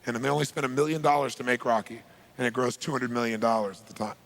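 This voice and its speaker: A man telling a story as a motivational speaker, emphatic and energetic, rising to near-shouts on key points. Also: medium pitch, fast talker, vocal fry.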